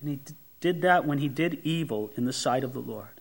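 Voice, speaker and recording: A male pastor delivering a sermon, animated and emphatic, asking the congregation rhetorical questions and swinging between emphatic rises and hushed drops. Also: mid-range voice, brisk, gravelly. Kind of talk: expository sermon.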